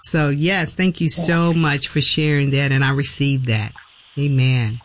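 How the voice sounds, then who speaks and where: A woman's voice: low-pitched, steady tone, a little slow. A woman organizing a church conference talks about it on a radio show, sounding enthusiastic and affirming, with plenty of fillers. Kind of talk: casual radio conversation.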